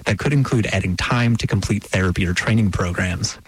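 Low, husky-voiced male news reporter. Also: no echo, poor audio. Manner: measured, even report delivery.

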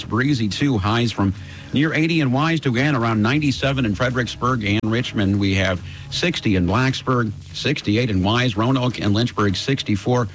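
A man hosting a local radio morning show, reading news and the weather forecast in a steady, easygoing way. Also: medium pitch, poor audio.

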